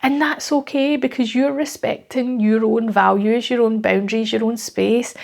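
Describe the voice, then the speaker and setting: A woman's voice: a little high, creaky, darkish tone. A woman with a Scottish accent, a life coach talking straight to the viewer in a conversational, reassuring way, often ending with tag questions. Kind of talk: direct-to-camera coaching talk.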